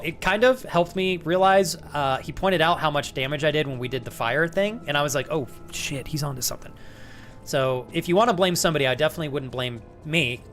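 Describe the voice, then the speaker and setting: A man streams a game live in a chatty, joking way, talking to his viewers as he plays. His voice sits at an average pitch. Faint game music plays behind him. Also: fairly bright tone. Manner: chatty, joking, reads chat aloud. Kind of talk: live gameplay commentary.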